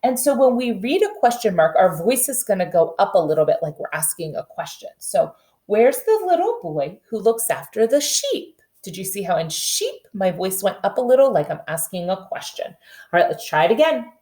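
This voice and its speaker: A woman teacher giving a phonics lesson for young children, patiently sounding out letters and word parts slowly and clearly, coaxing her young learners with questions. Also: mid-range voice, lively intonation, a little mellow.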